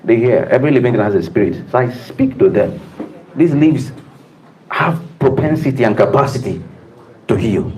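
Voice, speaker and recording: A man's voice: mid-range voice, a little mellow, slight background noise, low-quality recording. A man giving an emphatic, preacher-like talk to a live audience in a room, calling out to the listeners. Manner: emphatic preacher-like delivery with audience call-outs. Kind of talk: motivational talk to staff.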